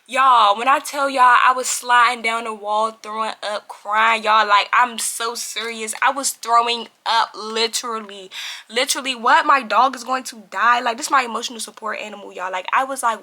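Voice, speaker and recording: A young woman talks straight to her viewers in a casual storytime. Her voice is bright and sits a little high, and she acts out every quote with lively energy. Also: moderate pace. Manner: animated, addresses viewers as y'all, acts out quotes. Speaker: vlogger.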